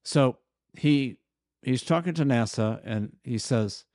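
An older man co-hosting a podcast, telling stories about a book in a measured, easygoing way. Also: medium pitch, a little mellow, no room sound, studio quality. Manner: measured, storytelling. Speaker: podcast co-host. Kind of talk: casual book discussion.

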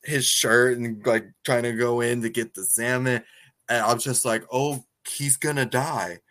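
A man co-hosting a podcast, giggling and reacting expressively while recapping a movie. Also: moderate pace. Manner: giggly, expressive, jumps up in pitch when reacting. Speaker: podcast co-host. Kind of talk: casual chat recapping a movie.

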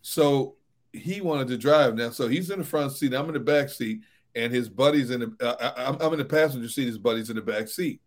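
A middle-aged man co-hosting a sports talk show, telling relaxed stories and chuckling often. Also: mid-range voice, brisk. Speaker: sports radio co-host. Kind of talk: casual chat.

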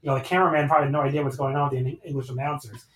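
A man hosting a casual wrestling review podcast, excitable and swearing freely as he recaps matches. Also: mid-range voice, very fast, reverberant, recorded from a distance, poor audio. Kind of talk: casual chat.

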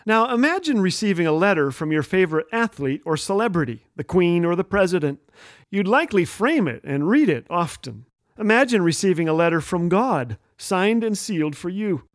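A middle-aged man hosting a humor radio show, telling stories with wry, gentle jokes and chuckling at his own lines. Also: sits high, sing-song, moderate pace, no echo, clean studio sound.

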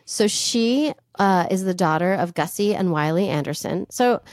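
A woman co-hosting a podcast, telling a story in casual, animated chat and swearing freely. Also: fairly low pitch, moderate pace, dry recording, studio quality. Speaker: podcast co-host.

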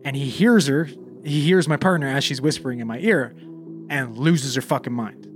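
A man's voice: medium pitch, moderate pace, soft background music. A young man, a paramedic, casually telling a call story, swearing freely and acting out the dialogue.

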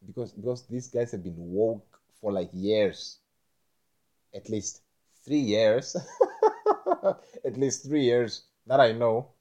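A young man talking in a rambling monologue, halting and repeating himself, with frequent swearing. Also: on the low side, warm tone.

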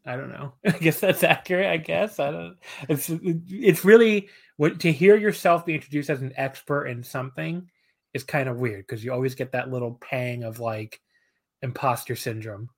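Man, podcast guest, medium pitch, casual rambling talk, self-deprecating laughs. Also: normal speed, vocal fry.

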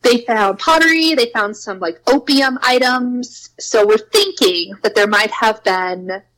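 A young woman casually telling spooky stories from her preschool job. She fills her talk with "like" and acts out quotes in a higher voice. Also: unhurried, a bit bright, low-quality recording. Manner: chatty, lots of "like", acts out quotes with a raised voice. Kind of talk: casual storytelling.

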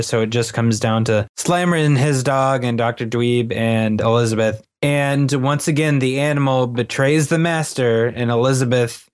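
Male podcast co-host, mid pitch, casual and sarcastic, exasperated. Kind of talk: casual chat.

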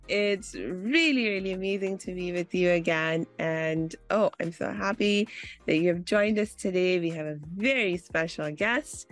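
A woman's voice: lowish voice, unhurried, soft background music. A woman hosting a podcast, enthusiastic as she welcomes and interviews her guest. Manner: enthusiastic, warm greetings. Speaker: podcast host.

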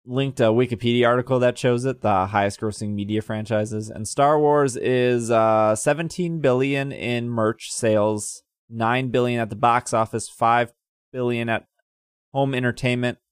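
A man of middle pitch co-hosting a chatty podcast. He reads out news and sales figures in a loose, slightly scattered way, close to a dry microphone. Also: fairly even intonation, moderate pace, smooth, no echo. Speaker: podcast co-host. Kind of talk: casual chat.

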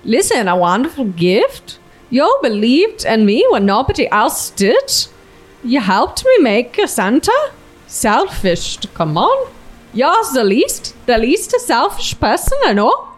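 A woman's voice: a little high, huge pitch swings, takes it slowly, soft background music, full character voice. A woman voicing Santa with a put-on Swedish accent, reading a film monologue in a hammy, mock-serious way.

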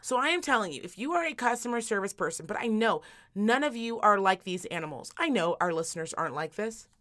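Animated, profane woman ranting. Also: medium pitch, quick pace. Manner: profane, animated storytelling with mocking voices. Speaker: podcast co-host. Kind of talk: casual ranting chat.

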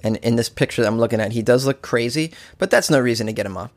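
A man's voice: medium pitch, quick pace, darkish tone, no room sound. A male comedian holds forth alone on his podcast in a mid-range voice. He is sarcastic and crude, cursing freely and chuckling at his own jokes. The recording is dry and close, with no room sound. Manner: sarcastic and profane, often breaking into laughter. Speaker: stand-up comedian. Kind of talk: solo comedic podcast rant.

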